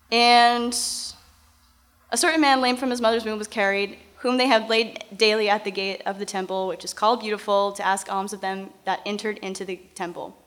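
A woman's voice: mid-range voice, fairly bright tone. A woman teaching from the Bible, reading verses aloud and then explaining them in a casual, conversational way.

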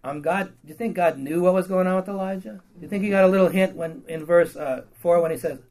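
A man's voice: high-pitched, fast, darkish tone, rough recording. A man preaching a sermon, reading old scripture verses and then retelling them in blunt everyday slang with laughs and questions to the congregation.

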